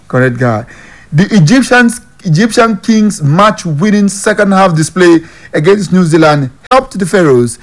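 Nigerian man riffing on football news. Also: a little high. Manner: reads headlines then jokes in Pidgin, chuckling often. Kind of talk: casual sports news commentary.

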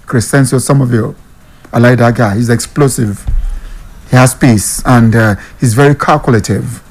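A man's voice: medium pitch, normal speed. A Nigerian man hosting a casual football news vlog, reading headlines aloud, then joking about them in Pidgin with frequent chuckles. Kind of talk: casual sports news commentary.

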